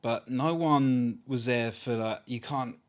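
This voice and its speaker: A man's voice: mid-range voice, slow. A man in his thirties with an Essex accent, a guest in an interview, talking in a chatty, colloquial way with short repeated phrases. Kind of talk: casual interview chat.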